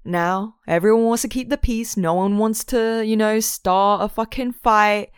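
A young woman co-hosting a podcast, casually recapping a show in slangy, sweary, quick talk. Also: mid-range voice, steady tone, clean tone, no echo, clean studio sound. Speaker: podcast co-host.

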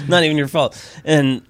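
A young man, a podcast co-host, telling a rambling story in casual chat with friends and laughing as he goes. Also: a little high. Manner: rambling, laughing while telling a story, acts out voices in quotes.

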